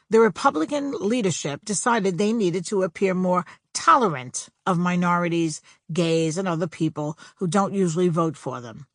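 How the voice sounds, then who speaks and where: A woman's voice: lowish voice, a bit bright, no echo, studio quality. A woman reading her own humorous book aloud as an audiobook, with a wry, sardonic delivery that lands each punchline.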